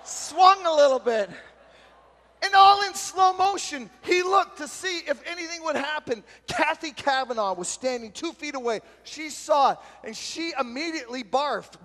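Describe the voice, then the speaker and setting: A youth pastor giving an animated storytelling talk at a youth retreat and shouting out the punchlines. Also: male voice, very high voice, normal speed. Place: large retreat meeting hall. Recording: long hall reverb from a live talk.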